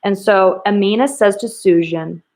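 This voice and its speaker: A woman teaching a recorded reading lesson to children, asking slow, emphatic questions and acting out the quoted lines. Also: medium pitch, a little mellow.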